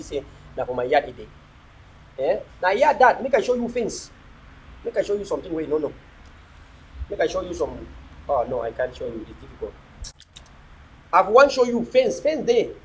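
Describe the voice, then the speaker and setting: A man's voice: high-pitched, darkish tone, a little hiss or hum, rough recording. A young man hosting a live video chat, preaching and joking, slipping between pidgin and English. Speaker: livestream host.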